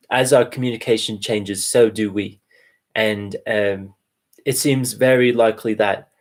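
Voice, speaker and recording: A man speaking as a guest in a reflective, spiritual way, thoughtful and unhurried, with hesitant fillers. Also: fairly low pitch.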